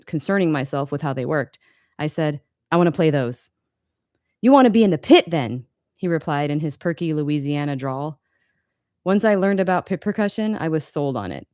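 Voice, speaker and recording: Woman, 30s, from LA, wry author reading her own book aloud; smooth voice, dry close mic. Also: sits low, darkish tone, no echo. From Los Angeles, USA. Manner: candid, wry, occasionally stumbles and corrects herself.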